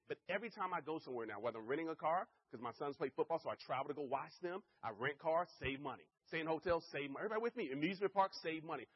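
A middle-aged man delivers a fast, energetic sales pitch and keeps turning to his listeners for agreement. His voice is husky and slightly raised, and the recording sounds dull and muffled. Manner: energetic, keeps checking in with the audience. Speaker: sales presenter. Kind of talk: live sales presentation. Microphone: handheld or stand mic.

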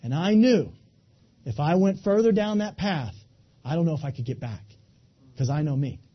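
A man in his twenties giving an animated, folksy motivational talk, speaking directly to a live audience. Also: a little high, normal speed, husky, highs cut off. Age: 20s.

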